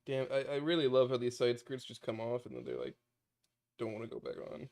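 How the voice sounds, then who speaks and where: A man at an ordinary pitch streams a story game, reading its lines aloud between jokes. He swears freely and trips over his own words with quick restarts. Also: fairly even intonation, darkish tone. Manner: joking, profane, stammering restarts. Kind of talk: casual let's-play chat, reading game text aloud.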